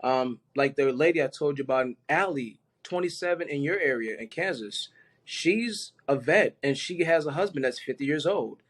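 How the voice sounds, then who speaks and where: A man's voice: on the high side, animated, moderate pace. A man on a casual podcast panel, talking in an earnest and reflective way.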